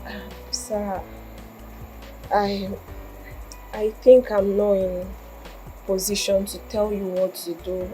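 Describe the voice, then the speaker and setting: A woman's voice: medium pitch, level tone, slow pace, pauses often, dark tone, soft background music, natural voice, poor audio. An actress playing a polite young housemaid who reassures her employer, in a film. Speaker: maid. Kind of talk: film acting.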